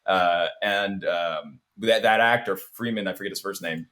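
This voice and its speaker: A man's voice: low-pitched, normal speed, bright, forceful tone. A man hosting a podcast, rambling and laughing as he reviews a film in casual chat. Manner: rambling, laughs while telling anecdotes. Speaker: podcast host.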